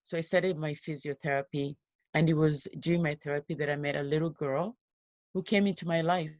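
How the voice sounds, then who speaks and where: A woman guest on a podcast, earnestly retelling a personal story in a steady voice with emphatic rises. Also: sits low, brisk, no echo, lo-fi sound.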